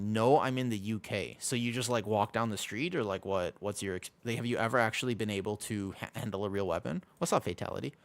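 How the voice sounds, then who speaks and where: Male streamer, casual chat, animated pitch, excitable and talkative. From United States. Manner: excitable, chatty, reacts to chat. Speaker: game streamer.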